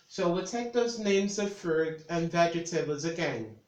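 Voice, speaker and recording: A man teaching pronunciation in an online lesson, speaking slowly and repeating each word several times. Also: fairly high pitch, expressive, darkish tone, muffled recording. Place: room with a board. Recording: echoey room.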